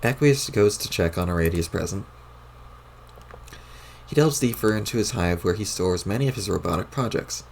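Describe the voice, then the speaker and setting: A man's voice: sits low, lively intonation, moderate pace, creaky, pauses often, slight background noise. A man reading a webcomic aloud as its narrator, in a plain narrating voice. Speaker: reader.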